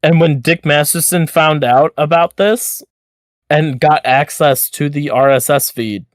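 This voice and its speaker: A man co-hosting a podcast in casual chat, animated and swearing freely, often repeating words as he thinks. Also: on the high side, measured pace, no echo. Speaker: podcast co-host.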